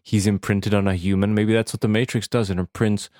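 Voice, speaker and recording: Low-voiced guy rambling on a podcast, jokey, dry close sound. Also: level tone, fairly quick, a little mellow, no room sound. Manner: rambling, jokey, restarts often. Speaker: podcast co-host. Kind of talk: casual chat.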